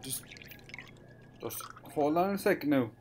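A man's voice: on the high side, expressive, measured pace, background noise. An Irish man giving casual, jokey gameplay commentary with mock-bossy banter. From Ireland. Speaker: gaming YouTuber.

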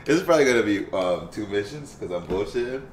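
A man in his twenties, sick and hoarse, giving casual, profane let's-play commentary. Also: on the low side, fast talker, reverberant, slight background noise. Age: 20s. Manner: casual, profane, excitable banter. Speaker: gamer.

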